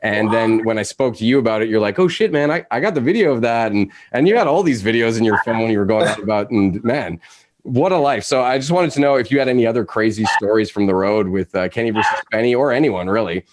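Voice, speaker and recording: Man, podcast host, easygoing, quick talker, lowish voice. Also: a little hiss or hum. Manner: quick, easygoing, laughs along. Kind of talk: casual interview chat.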